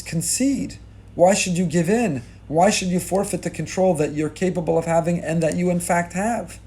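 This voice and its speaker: A middle-aged rabbi giving a sermon with rising emphasis, mixing in Hebrew and Yiddish religious terms. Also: male voice, high voice, a little mellow. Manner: impassioned, rising emphasis on key lines.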